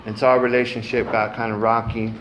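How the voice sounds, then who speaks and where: A man's voice: mid-range voice, level tone, a little fast, a bit bright, a little hiss or hum. Man, middle-aged, recovery testimony, casual, filler-heavy, cusses, faint room ambience. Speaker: recovery meeting speaker. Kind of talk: personal testimony.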